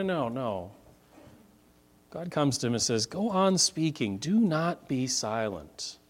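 A middle-aged man preaching a sermon, swinging from quiet asides to loud, emphatic points. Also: medium pitch. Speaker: pastor.

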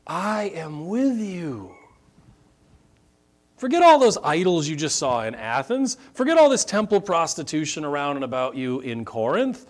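A middle-aged man preaching a sermon, swinging from quiet asides to loud, emphatic points. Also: on the high side, very animated, brisk, hardly any pauses. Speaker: pastor.

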